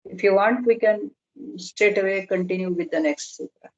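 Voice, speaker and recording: A middle-aged woman lecturing on a video call, explaining slowly and carefully and drawing out technical terms. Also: mid-range voice, steady tone, muffled recording. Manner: measured, explanatory, slow on terms. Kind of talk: online academic lecture.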